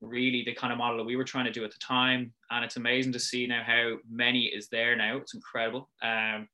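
This young adult from Ireland, a business founder, speaks fast and mostly monotone at medium pitch, his voice pushed and bright. As a guest he rambles casually through chat and stories, using lots of filler words.

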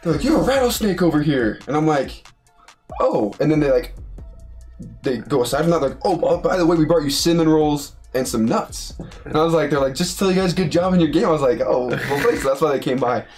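A man's voice: on the high side, fairly quick, faint music behind. A young man from Utah telling a story in a casual chat, acting out other people's lines and laughing often. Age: young adult. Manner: animated, acts out quoted voices, laughs often. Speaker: college football player, podcast co-host.

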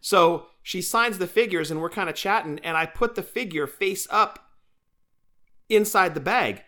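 A young man co-hosts a casual podcast, chatty and playful as he tells stories. His voice is bright and forceful and sits a little high. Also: a little slow. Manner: chatty, playful, animated storyteller. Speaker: podcast co-host. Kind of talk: casual chat.

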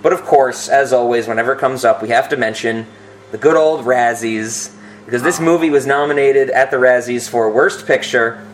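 A man co-hosting a casual podcast chat at home, animated and quick to laugh. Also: mid-range voice, slight background noise. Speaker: podcast co-host. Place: room at home. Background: lawnmower outside.

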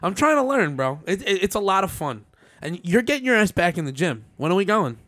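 A man's voice: high-pitched, very animated, a little fast, a bit bright, dry recording. A man in casual chat, swearing often and restarting his sentences. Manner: profane, stammering restarts.

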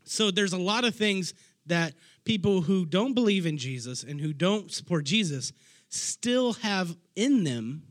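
A man preaching a casual, animated sermon, retelling Bible stories in everyday slang. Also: high voice. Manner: animated storytelling, acting out Bible figures in slangy voices.

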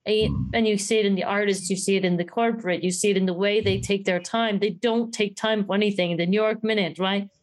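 A woman co-hosting a podcast in casual chat, animated and acting out quoted voices as she talks. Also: mid-range voice, brisk, hardly any pauses. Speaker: podcast co-host.

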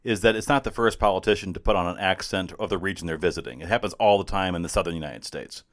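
A man's voice: sits low, fast talker, a bit bright. A man co-hosting a podcast in casual chat, wry and teasing, laughing a lot. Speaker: podcast co-host.

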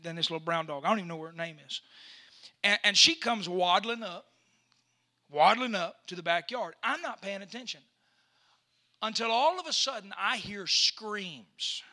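A pastor with a high, very bright and ringing voice. He tells a story from the pulpit, then drives toward loud, shouted preaching. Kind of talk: sermon.

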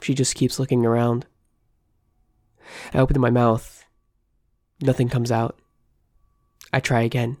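A woman reading first-person fiction aloud in a tense, measured storytelling manner. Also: rumbling low, little pitch movement, mellow, dry recording, clean studio sound. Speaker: narrator.

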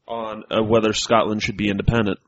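A man co-hosting a casual podcast, joking loudly and reading things out to the group. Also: lowish voice, flat delivery, brisk. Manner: loud, joking, reads from a screen. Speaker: podcast co-host. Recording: dull lo-fi sound.

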